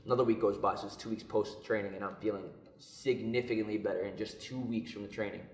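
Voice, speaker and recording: A young man telling a personal story in a casual podcast chat, lively and acting out what others said. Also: on the low side, fast. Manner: animated, acts out quoted voices. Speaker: podcast co-host. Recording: echoey room.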